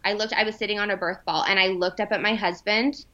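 A woman's voice: mid-range voice, fairly even intonation, fast, bright, forceful tone. A young adult woman telling an emotional personal story in casual conversation, acting out the voices of people she quotes. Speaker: podcast guest. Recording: dull lo-fi sound.

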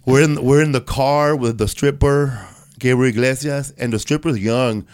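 A man's voice: medium pitch, fairly even intonation, moderate pace, a little mellow. A man telling a rambling comedy anecdote in casual chat, full of slang like "bro" and "man.". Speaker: guest comedian.

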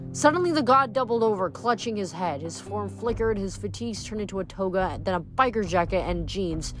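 A woman's voice: medium pitch, expressive, brisk, hardly any pauses, a bit bright, faint music behind. A woman reading chapters of a novel aloud expressively, with small restarts now and then. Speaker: audiobook reader.

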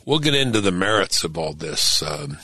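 A man's voice: low voice, very animated, moderate pace, creaky, pushed and bright, no room sound. An older man hosting a podcast, chatting casually about politics in a conversational way with chuckling asides. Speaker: podcast host.

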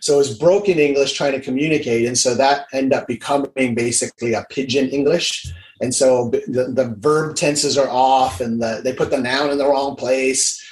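A man from Hawaii, a lively interview guest at an everyday mid pitch. He acts out the dialogue he quotes as he talks. His voice rings with a roomy echo. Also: normal speed. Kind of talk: casual interview chat.

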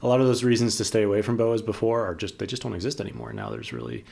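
A man co-hosting a casual podcast chat, relaxed and chatty, laughing easily. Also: on the low side, very fast, creaky, a little hiss or hum. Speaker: co-host.

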